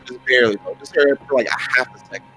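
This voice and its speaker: A man's voice: mid-range voice, fast talker, bright, forceful tone, faint music behind. A man narrating a tabletop game as dungeon master, rambling and hesitant with lots of fillers.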